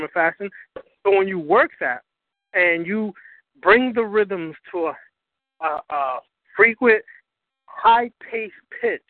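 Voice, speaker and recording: High-voiced man with a tinny phone sound. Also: dry recording. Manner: emphatic, profane, keeps asking "you understand?". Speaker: host. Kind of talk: casual spiritual talk show.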